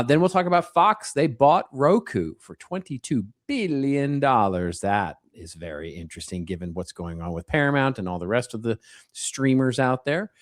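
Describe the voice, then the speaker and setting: A man's voice: mid-range voice, no echo, clean studio sound. A man co-hosting a podcast, chatting casually, joking and laughing easily. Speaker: podcast co-host.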